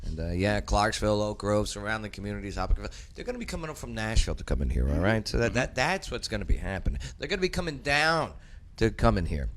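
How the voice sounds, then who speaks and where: A man's voice: on the low side, quick pace, a little hiss or hum. A man hosting a casual talk show, joking and chatting while tasting food. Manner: lively, joking, talks with mouth full. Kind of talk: casual chat.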